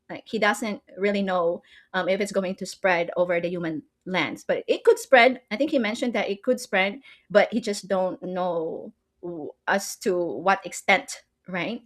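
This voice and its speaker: A woman's voice: mid-range voice, normal speed. A woman casually retelling a novel's story, full of fillers and rhetorical questions. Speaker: book recap creator.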